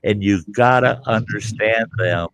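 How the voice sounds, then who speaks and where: A man's voice: on the low side, unhurried, dry recording. A middle-aged man hosting a livestream, telling rambling, colorful anecdotes in a folksy way and acting out what people said. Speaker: livestream host. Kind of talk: folksy storytelling chat.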